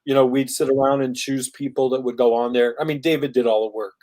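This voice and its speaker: An older man, a guest on a podcast, telling animated stories with laughs and acted-out quotes in a casual chat. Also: medium pitch, fast talker. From United States. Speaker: podcast guest, music industry veteran.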